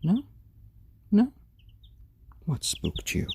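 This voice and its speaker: A man hosting a casual live stream, talking softly and fondly to baby chicks, with relaxed, halting speech full of fillers. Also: deep voice, slight background noise. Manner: soft, fond cooing to baby birds. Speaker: live-stream host showing pet chicks.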